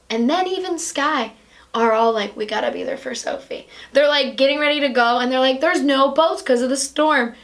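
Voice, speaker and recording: A woman's voice: on the high side, fairly bright tone. A woman hosting a podcast, chatting casually and animatedly as she retells a film, full of "like"s and acted-out quotes. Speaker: podcast host. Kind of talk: casual chat recapping a film.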